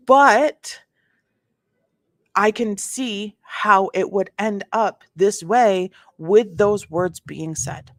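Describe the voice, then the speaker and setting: A woman with a somewhat low voice talks casually, reading legal documents aloud and breaking off into animated, sassy asides. She often restarts her sentences. The recording is dry and close, with no room sound. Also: gravelly, no room sound. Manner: reads documents aloud, then reacts with sass. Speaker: commentator reading court filings. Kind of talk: casual commentary vlog.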